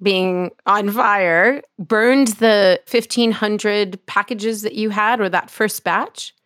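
Slow-speaking woman host, dry sound. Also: medium pitch, a bit bright, no room sound. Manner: brief encouraging responses and questions. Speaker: interview host. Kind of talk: interview.

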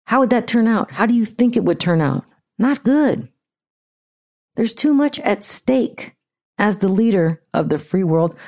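Blunt, mellow-voiced American woman. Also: medium pitch. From United States. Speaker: podcast host. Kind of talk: casual commentary.

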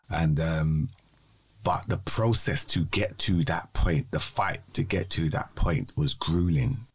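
A podcast co-host from London shares personal testimony in conversation, telling his story in a measured, steady way. His voice is strikingly deep with a husky, breathy edge.

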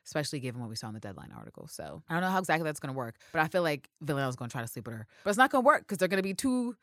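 A woman co-hosting a casual podcast chat, speculating in an animated way and swearing freely. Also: low voice, racing, no echo, studio quality. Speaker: podcast co-host.

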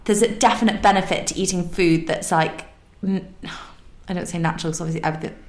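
A woman hosts a podcast in casual chat. She talks fast and tells stories with an animated, chatty flow. Her voice carries a roomy echo. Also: fairly low pitch. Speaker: podcast host.

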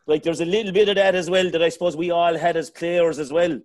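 A man's voice: on the high side, steady tone, fast talker, a little mellow. Chatty Irish man hosting a sports chat. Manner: chatty, rambling, addresses the panel as lads. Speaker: podcast host.

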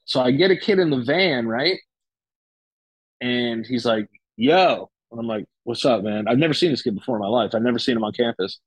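A man's voice: medium pitch, fairly quick, dry recording, low-quality recording. A young man telling a personal story in casual chat, with loose, profane talk full of fillers and restarts. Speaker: guest.

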